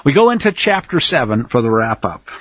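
A man teaching a Bible passage in sermon style, blunt and emphatic, swinging between loud pushes and low asides. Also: big pitch swings, brisk, breathy edge, dry recording, highs cut off.

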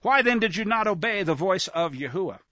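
A man's voice: sits high, animated, a little fast, pushed and bright, no room sound, highs cut off. A man voicing a stern, sarcastic old prophet rebuking a king. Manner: sarcastic, scolding.

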